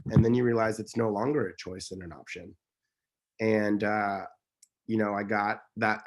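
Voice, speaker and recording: A man in his thirties, a guest in a conversational interview, speaking intensely and emphatically. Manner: intense, emphatic, pitch jumps high when worked up.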